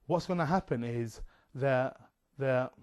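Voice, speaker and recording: Man, casual rambling talker, digressive, lots of "um" and "you know", mid pitch. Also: unhurried, a little mellow, clean tone. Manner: chatty, digressive, many fillers.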